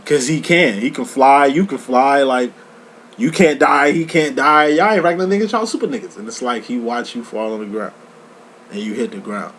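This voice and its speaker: A man in the middle of a tarot reading, swearing freely and leaning on street slang as he spins a story for the listener. His voice sits at an ordinary middle pitch, with a faint hum of noise behind him. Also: moderate pace. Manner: profane, slangy, animated storytelling. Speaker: tarot reader. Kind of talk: casual tarot reading monologue. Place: lives in Chicago.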